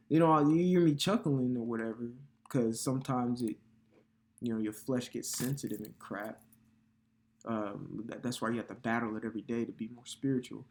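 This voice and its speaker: A man's voice: medium pitch, measured pace, long pauses, a little mellow. A man teaching scripture in a loose, conversational way, with casual swearing and frequent filler tags like "okay" and "all right". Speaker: bible teacher. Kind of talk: casual sermon.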